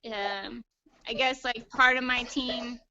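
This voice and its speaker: A woman's voice: a little high, fairly even intonation, takes it slowly, muffled recording, background noise. A woman in a team coaching group talking hesitantly, searching for words, over a video call. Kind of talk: casual group discussion.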